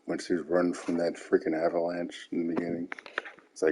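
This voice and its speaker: A man's voice: low-pitched, completely flat delivery, fast, a little mellow, husky, poor audio. A man giving casual, mocking commentary over game footage, laughing often.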